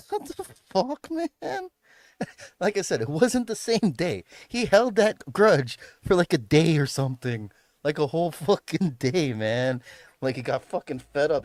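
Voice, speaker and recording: A man's voice: a little high, big pitch swings, a little slow, a little mellow, no room sound. A young man from the Chicago area casually telling a story on a livestream, swearing a lot, laughing often and saying "bro" and "man". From Chicago area, USA.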